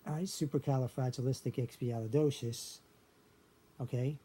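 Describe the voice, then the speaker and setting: A man's voice: mid-range voice, steady tone, moderate pace, mellow, breathy edge. A man explaining step by step in a casual screen-share lesson, tacking "okay" onto nearly every phrase. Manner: repeats "okay" after nearly every phrase, counts syllables aloud. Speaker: video creator teaching a memory trick.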